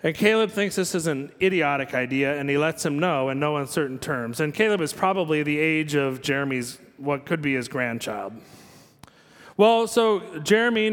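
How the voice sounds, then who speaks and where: A pastor with a notably high voice preaches in a church, his words trailing off into a long hall reverb. He tells stories conversationally and drops in dry little jokes. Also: a bit bright. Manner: conversational storytelling with asides and small jokes. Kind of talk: sermon.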